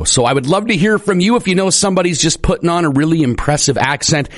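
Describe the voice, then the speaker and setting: A man's voice: fairly high pitch, animated, quick pace, few pauses, no echo, clean studio sound. Upbeat morning radio host man. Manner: upbeat, chatty. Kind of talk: morning radio show chat.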